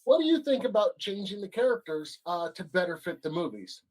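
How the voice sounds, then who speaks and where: Lively, hesitant man chatting comics. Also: sits high, brisk, poor audio. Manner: hesitant, lots of ums. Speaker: podcast co-host. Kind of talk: casual comic-book chat.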